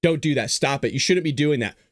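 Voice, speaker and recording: A man's voice: fairly high pitch, brisk, no echo, studio quality, close to an everyday voice. A man doing an impression of an older male politician, scolding weakly and repeating himself. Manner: weak, repetitive scolding.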